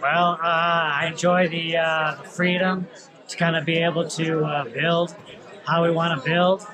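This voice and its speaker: A man's voice: a little high, little pitch movement, measured pace, over music. A man answering hesitantly with many fillers in a casual interview.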